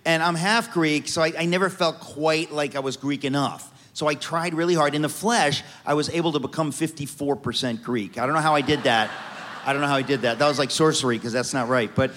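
Animated joking man in a reverberant hall. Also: on the high side, brisk. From United States. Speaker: guest author. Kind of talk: storytelling interview on stage.

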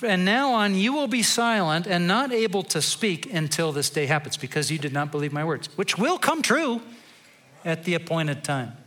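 A commanding male archangel, put on by a preacher, pitched well above his speaking voice. His words come slow and drawn out, with a tense, forceful edge. He sounds like a messenger who will not be questioned. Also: lively intonation. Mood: stern.

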